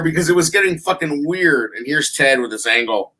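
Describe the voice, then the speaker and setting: Profane, animated man with a bright voice. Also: fairly high pitch, a little fast. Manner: profane, animated storytelling with bursts of shouting. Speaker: podcast co-host. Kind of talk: casual sports chat.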